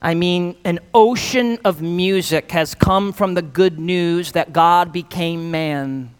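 A male pastor preaching an Easter sermon and reading scripture aloud, with earnest, drawn-out emphasis on key words. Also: sits high, clean tone. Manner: fillers between phrases. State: slightly out of breath.

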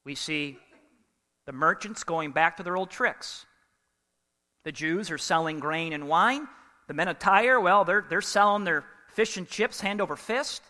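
A man preaching a sermon in an animated, humorous way, putting questions to the congregation. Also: high-pitched, in a large hall. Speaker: pastor.

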